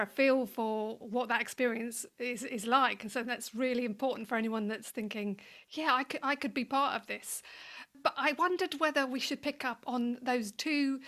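Higher-voiced woman interviewer. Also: a bit bright. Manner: thoughtful, rephrasing questions as she goes. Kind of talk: interview questions.

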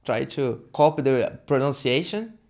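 A young Brazilian man, a native Portuguese speaker with a Brazilian accent, is a guest in a casual storytelling interview. He animatedly acts out quoted dialogue in halting, non-native English. His voice is medium-pitched and gravelly.

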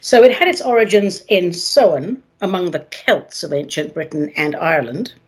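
A husky-voiced woman hosts her own radio show, swooping through her lines with lively, animated pitch. She is playful and theatrical, leaning hard on her words, and her voice sits on the low side. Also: normal speed. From not from America, moved there. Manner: playful, dramatic, sing-song emphasis. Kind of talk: theatrical solo radio talk.

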